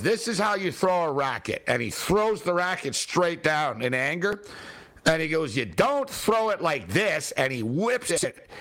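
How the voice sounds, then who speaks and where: A high-pitched man talking sports in a loose, ranting way, peppering every sentence with fillers. His delivery is animated and opinionated, a casual chat-show host letting off steam.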